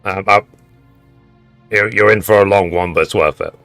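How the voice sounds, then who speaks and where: A man's voice: fairly low pitch, moderate pace, fairly bright tone, smooth, no echo, faint music behind. A man giving casual commentary while streaming a video game, musing aloud to himself between hesitations.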